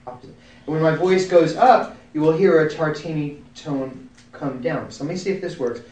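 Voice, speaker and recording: A man with a fairly high voice talks a group through a demonstration, genial and quick with a self-deprecating joke. He sounds a little distant from the mic, in a room with noticeable echo. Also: a little mellow. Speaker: musician giving a demonstration. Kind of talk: informal group talk with demonstration. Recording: roomy, from a distance.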